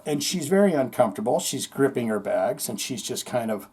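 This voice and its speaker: Rambling, cursing podcast host. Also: male voice, medium pitch, a little fast, husky. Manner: rambling, profane, animated storytelling with acted-out quotes. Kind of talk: casual storytelling monologue.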